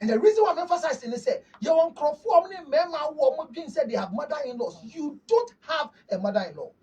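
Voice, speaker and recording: A man's voice: very high-pitched, expressive, fast talker, darkish tone, distant mic, rough recording. A Ghanaian man who is a counselor and host, giving emphatic, preachy advice with rhetorical questions. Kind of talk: preaching-style advice talk, mixing English and Twi.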